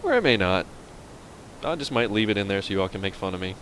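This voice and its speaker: A man giving casual, rambling let's-play commentary, mocking himself and now and then yelping with excitement. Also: on the low side, quick pace, background noise. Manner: self-mocking, rambling, bursts into excited yelps.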